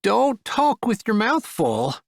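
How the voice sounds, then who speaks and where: A man's voice: sits high, huge pitch swings, slow, creaky, dry recording, studio quality, pitched above the performer's own voice, exaggerated voice. A man voicing a stern middle-aged aunt who scolds about manners, in an audiobook. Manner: scolding, prim.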